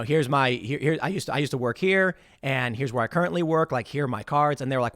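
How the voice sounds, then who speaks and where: A man's voice: medium pitch, fast talker, hardly any pauses, no room sound, studio quality. A man hosting casual political commentary, retelling stories and acting out the people he quotes. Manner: animated, acts out quoted people in shifting voices. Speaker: commentary host.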